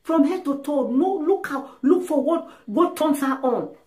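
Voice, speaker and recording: A woman with a slightly high voice gives frank relationship advice in a casual, animated monologue. She talks emphatically, acting out little scenes to make her points. The room has a noticeable echo. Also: unhurried. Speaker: relationship and sex advice speaker. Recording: roomy echo.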